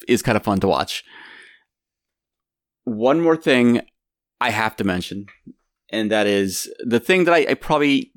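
A man's voice: on the low side, no room sound, studio quality. A man casually reviewing a film as a podcast host, often repeating words as he starts his sentences.

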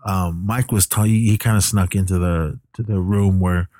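A man's voice: sits low, steady tone, normal speed, darkish tone, no room sound, studio quality. A man casually retelling a film's plot, rambling with lots of fillers and restarts. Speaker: film recapper. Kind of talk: casual movie plot recap.

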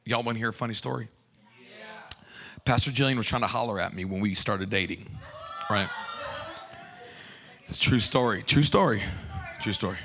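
A male pastor preaching a sermon in an animated, playful way, joking back and forth with the congregation. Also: lowish voice, moderate pace, pauses often, background noise.

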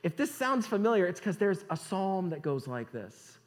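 A man's voice: sits high, big pitch swings, moderate pace. A man preaching a sermon, asking rhetorical questions and reading scripture aloud.

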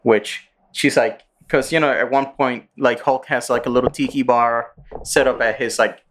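A man's voice: medium pitch, fairly even intonation, moderate pace, a bit bright, a little hiss or hum. Male podcast host, loose rambling recap, fillers, acts out quotes. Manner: rambling, filler-heavy, acts out character lines. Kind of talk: casual chat, recapping a show.

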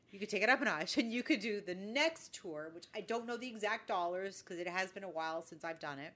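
Speaking fairly quickly in a mid-range, fairly bright voice with lively intonation, a woman co-hosting a podcast tells a story in casual conversation, performing the quoted lines as she goes.

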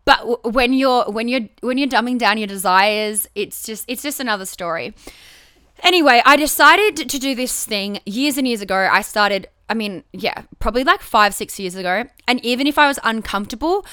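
A woman's voice: a little high, pushed and bright, smooth, dry recording, clean studio sound. A woman hosting a casual solo podcast, talking candidly and swearing freely, with frequent restarts. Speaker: podcast host.

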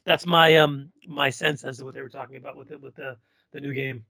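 A man co-hosting a casual podcast, answering in a measured way and thinking aloud. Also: mid-range voice, steady tone, sharp tone, no echo, studio quality. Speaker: podcast co-host. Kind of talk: casual chat.

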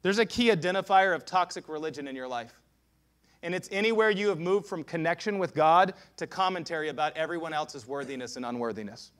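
A pastor preaching a sermon with passion, swinging between hushed lines and loud shouts. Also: male voice, on the high side, a little fast.

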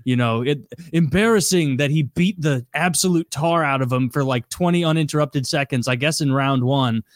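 A man's voice: on the high side, normal speed, no echo, clean studio sound. A man in a casual podcast chat, recounting things hesitantly with lots of fillers.

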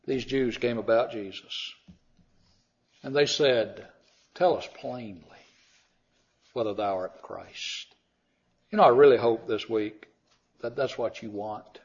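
A man preaching a sermon, emphatic, swinging from loud declarations to quiet asides. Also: medium pitch, husky. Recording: dull lo-fi sound.

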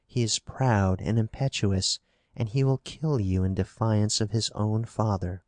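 A man's voice: fairly low pitch, steady tone, a little slow, a little mellow, no room sound, clean studio sound, natural voice. A man reading the part of a frightened young woman, pleading and anxious. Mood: fearful.

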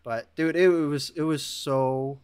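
A man's voice: on the high side, steady tone, slow pace, darkish tone, clean tone. A man hosting a podcast, chatting in a laid-back way and calling others dude and man. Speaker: podcast host. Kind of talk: casual podcast chat.

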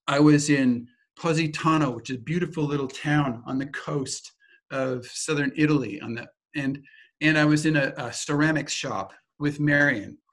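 A man giving a teaching talk, telling a lively personal anecdote in a casual way that includes some swearing. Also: a little high. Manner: animated, vivid storyteller with casual swearing.

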